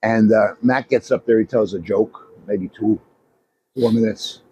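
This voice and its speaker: A man, a former comedy club owner, co-hosting a casual chat and telling animated stories, swearing freely and laughing often. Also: lowish voice, a little slow, husky.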